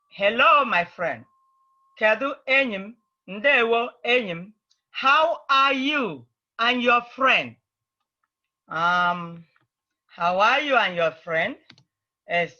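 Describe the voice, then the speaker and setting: A woman teaches over a video call, spelling out each phrase slowly and repeating it so the learners can follow. Her voice is bright and clear-edged, and the call audio is a little dull. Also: on the high side. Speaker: Igbo language teacher. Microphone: computer mic on a video call.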